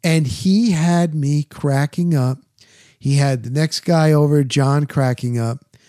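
A male host spinning a casual story on air, his voice sitting a little high for a man. He acts out each person he quotes. The sound is close and dry, with no room around it. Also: takes it slowly, warm tone, no echo. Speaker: radio show host.

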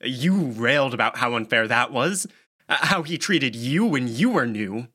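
A man's voice: medium pitch, animated, a little slow, sharp tone, slightly rough, full character voice. A man reading an audiobook, voicing a defensive young newcomer who feels out of his depth.

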